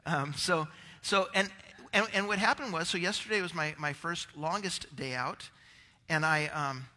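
A man's voice: a little high, moderate pace, pushed and bright, big-room sound. A male pastor preaching a rambling, conversational sermon, out of breath, with many restarts.

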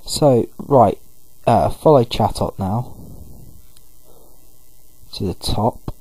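A man's voice: medium pitch, extremely slow, dark tone, slightly rough, no echo, rough recording. Rambling male let's-play narrator. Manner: rambling, loose, full of fillers. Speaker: gaming video host. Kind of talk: casual let's-play commentary.

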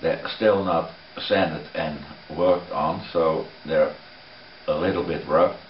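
A very deep-voiced man narrates his guitar-building work at an unhurried pace. He speaks plainly, with dry humor. The voice-over sounds a little dull and lo-fi, with faint noise behind it. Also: fairly even intonation, reverberant. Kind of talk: casual narration of a workshop build.

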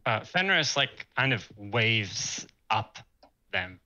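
A man's voice: on the low side, sing-song, slow, sharp tone, muffled recording. A man playing a tabletop game, casual and joking, switching between describing his character and speaking as him. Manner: casual, joking, mixes narration and in-character lines. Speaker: player. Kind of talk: tabletop role-play.

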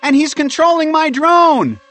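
A man voicing a brave, quick-thinking female squirrel who shouts in high, urgent calls in an audiobook. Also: heavily acted.

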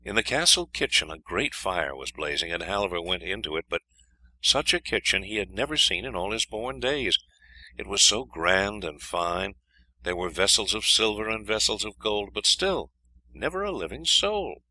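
A man reading a fairy tale aloud in an expressive, lively storytelling manner. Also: lowish voice, normal speed, no echo, rough recording. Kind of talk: scripted fairy-tale narration.

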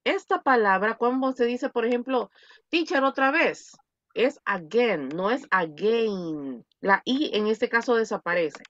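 On a video call, a woman teaching English to Spanish speakers reads a story aloud and drills pronunciation, moving between English and Spanish. Her voice is a little high and fairly bright, and the recording is dry and dull.

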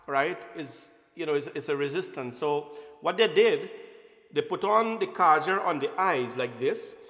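A man's voice: a little high, a bit bright. Playful man. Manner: playful, asks the audience questions. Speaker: temple speaker. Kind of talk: informal satsang talk. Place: temple hall. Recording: roomy hall echo.

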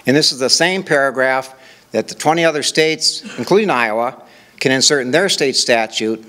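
A man's voice: medium pitch, normal speed, pushed and bright. An older man from Minnesota giving a conversational conference presentation, walking through examples with rhetorical questions. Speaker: conference speaker.

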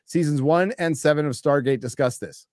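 This live stream host reads out donations with crude, rambling jokes in a casual chat. He speaks at normal speed in a slightly mellow, higher-pitched voice, captured in clean studio sound with no room echo.

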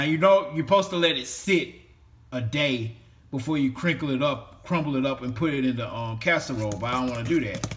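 A man's voice: fairly high pitch, noisy background. Profane rambling man cooking at home. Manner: profane, rambling, talks to a toy. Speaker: home cook vlogger. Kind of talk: casual cooking vlog.

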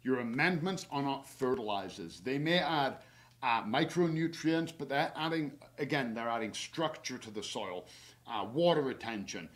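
This casual instructional webinar features a horticulturist explaining spring garden care, using practical tips from his own yard. At a normal speed and ordinary middle pitch, he rambles slightly, fills his speech with "uh" and "um," and jokes about his own slips in a chatty, relaxed way.

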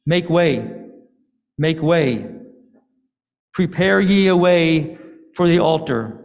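A man's voice: on the high side, lively intonation, slow, darkish tone. A man voicing an angry, weary God who declaims accusations in a commanding way. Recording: long hall reverb.

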